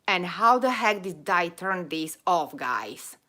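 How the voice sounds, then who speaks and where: A woman's voice: on the low side, very animated, sharp tone. A woman with an accent hosting a live stream, rambling happily, thanking viewers and losing her voice. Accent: non-native accent. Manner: rambling, effusive, quick laughs, lots of thank-yous. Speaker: channel host of a live stream. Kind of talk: casual live-stream chat reading viewer comments.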